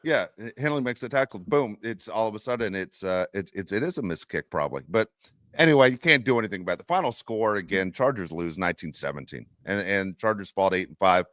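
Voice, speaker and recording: A man with a lowish voice co-hosts a sports podcast in casual chat. He tells stories with animation and laughs often. The sound is dry and close, with no room around it. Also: animated, fast, fairly bright tone, no room sound. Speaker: podcast co-host.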